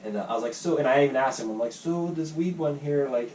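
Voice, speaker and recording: A man's voice: mid-range voice, fast talker, echoey room, distant mic, very noisy. A man hosting a podcast, telling a rambling story in casual chat, swearing and acting out the people he quotes. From Alaska. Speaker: podcast host.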